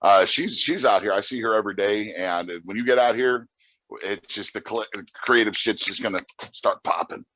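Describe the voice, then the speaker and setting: A man's voice: on the low side, normal speed, sharp tone, dry recording, rough recording. A man chatting as a podcast guest, rambling and crude, often laughing. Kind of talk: casual podcast chat.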